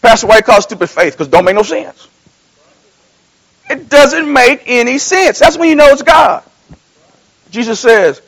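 Male pastor, strikingly high pitch, folksy storyteller who builds to loud exhortation. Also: sing-song, moderate pace, long pauses, low-quality recording. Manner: repeats and restarts phrases. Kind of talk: sermon.

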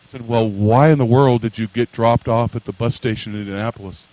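A pastor, telling a story in a sermon and building to loud emphatic preaching. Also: male voice, mid-range voice, steady tone, fairly quick, no room sound, dull audio.

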